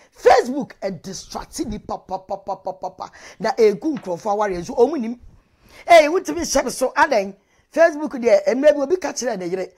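A Ghanaian woman presents marriage advice straight to her audience, her voice husky and a little breathy. She presses her points hard and repeats words over and over for effect. Her pitch sits in the middle of the range. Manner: mixes Twi with English phrases. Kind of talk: advice monologue to viewers.

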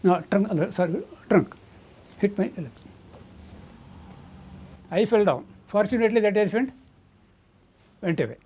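Older Indian man, dark halting voice. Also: high-pitched, animated, husky. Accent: Indian English. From southern India. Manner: halting, restarts mid-phrase, vivid retelling. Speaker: coffee estate owner. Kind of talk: recounting an attack in an interview.

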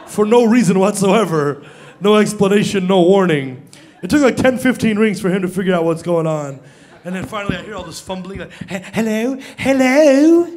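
A young man performing an animated stand-up comedy routine on stage, acting out voices as he tells a story. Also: high-pitched, a little fast. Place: stage before a live audience.

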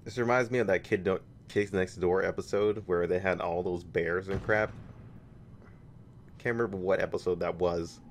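A young man giving jokey horror game commentary, taunting the game and bursting into high yells. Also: steady tone, moderate pace, a little hiss or hum. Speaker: gaming streamer.

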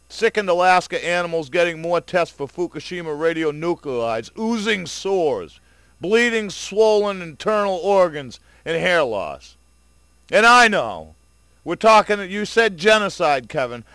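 A man's voice: a little high, a bit bright, dry recording. A man in an angry, profane, sarcastic video rant, addressing his viewers directly. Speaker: vlogger.

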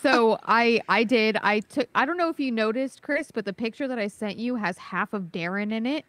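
A woman's voice: fairly high pitch, moderate pace, a bit bright, no echo. A woman chatting casually on a podcast, candid and self-deprecating, often giggling between lines.

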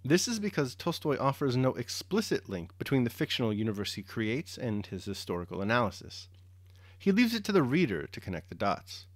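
A man reading a classic novel aloud chapter by chapter, then giving a measured spoken reflection in a steady, articulate way. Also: mid-range voice, dry recording, studio quality. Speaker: audiobook reader and commentator. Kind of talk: measured audiobook narration and reflection.

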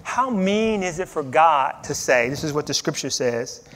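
A man's voice: a little high, lively intonation, moderate pace, fairly bright tone, in a large hall, slight background noise. A man, a head pastor, preaching a sermon in an emphatic way, repeating words and reading scripture aloud.

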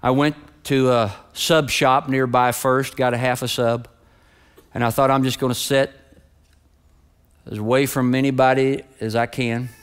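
A middle-aged man preaching a sermon as pastor. He starts with a quiet, subdued personal story and builds to loud, rising preaching. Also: mid-range voice, flat delivery, unhurried, clean tone.

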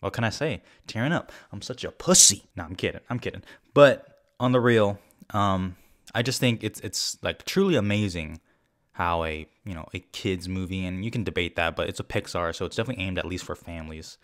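A young man giving a casual, rambling film review. He is excitable and swears often. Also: low-pitched, a little fast. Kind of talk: casual spoken movie review.

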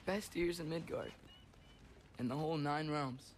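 An actor playing an earnest teenage boy in a video game, talking softly and tenderly. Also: fairly high pitch, unhurried. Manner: soft, tender with animals.

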